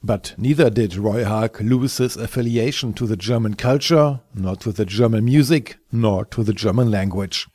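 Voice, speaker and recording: A man giving scripted documentary narration in a measured, lightly wry manner. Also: fairly low pitch, darkish tone, no room sound.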